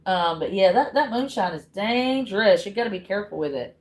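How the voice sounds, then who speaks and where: Brisk and expressive at a medium pitch, a woman from Tennessee hosts a livestream in a blunt, relaxed Southern manner, cursing freely as she chats with viewers. The audio quality is poor.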